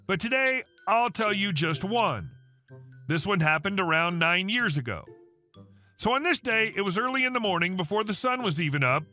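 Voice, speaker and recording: Male narrator, high pitched, bright tone, scripted story reading, soft music underneath. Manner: lively storytelling read.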